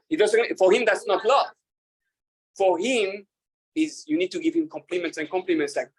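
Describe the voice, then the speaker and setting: A man, a rabbi, talking casually to an audience, halting with fillers and restarts and laughing at his own jokes. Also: high voice, animated, husky, low-quality recording.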